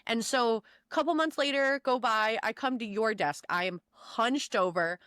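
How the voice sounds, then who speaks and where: A woman's voice: on the high side, normal speed, a bit bright, dry recording, studio quality. A woman co-hosting a podcast, chatting casually and rambling through her own stories, often restarting her sentences. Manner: rambling storyteller, restarts and quotes herself. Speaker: podcast co-host. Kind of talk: casual chat.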